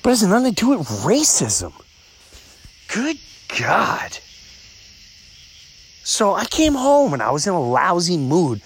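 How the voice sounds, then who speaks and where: A man hosting a podcast, telling stories in a casual, animated way while outdoors by the woods at night. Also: a little fast, few pauses, slight background noise. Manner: animated storyteller, pitch jumps up when exasperated. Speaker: podcast host. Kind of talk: casual solo monologue.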